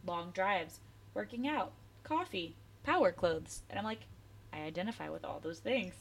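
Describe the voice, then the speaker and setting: Laid-back soft-spoken young woman. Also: on the low side, expressive, moderate pace, gravelly, breathy edge. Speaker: podcast co-host. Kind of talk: casual chat.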